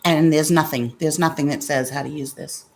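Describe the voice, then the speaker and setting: A woman's voice: low voice, fairly even intonation, normal speed, a little hiss or hum. A woman vlogging casually at home, chatty and sarcastic, swearing when something frustrates her. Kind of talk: casual vlog chat. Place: home room with a fan.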